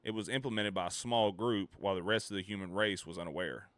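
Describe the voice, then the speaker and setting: A man's voice: low-pitched, fast talker, no echo. A man streaming live, rambling and ranting profanely while reacting to chat. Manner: rambling, profane, reads chat and riffs loudly.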